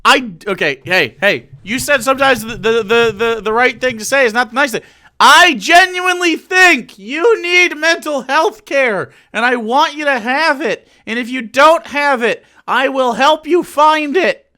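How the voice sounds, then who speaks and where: A man's voice: very high voice, lively intonation, unhurried, bright, forceful tone. A man streaming and reacting to a video, ranting in a profane, exasperated way and laughing in the middle of sentences.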